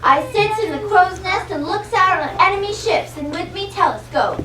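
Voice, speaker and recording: Teen girl playing a swaggery pirate princess, growly pirate talk but still high, echoey room far back. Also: moderate pace. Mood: swaggering. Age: teens. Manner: gruff pirate talk, boastful. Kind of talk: puppet play. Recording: roomy hall from far off, noisy.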